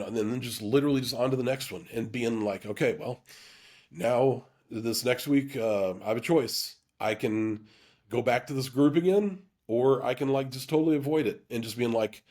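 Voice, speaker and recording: A man of middle pitch tells his own story to the camera in an earnest, open way. His delivery is halting, with frequent restarts, repeated words and fillers. He sounds like he is talking through something personal rather than reading a script. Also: a little mellow. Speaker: YouTube channel host.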